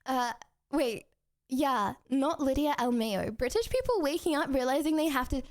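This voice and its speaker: High-voiced young woman chatting on a stream. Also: animated, moderate pace, darkish tone. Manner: chatty and rambling, with frequent restarts and giggles. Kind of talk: casual chat with viewers.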